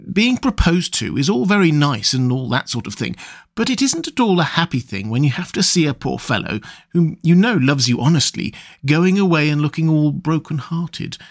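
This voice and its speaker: Lucy, gushing young woman, read by a man. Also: on the high side. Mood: tearful. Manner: gushing, confiding. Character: young woman, sweet-natured, emotional, writing a letter. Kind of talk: audiobook reading.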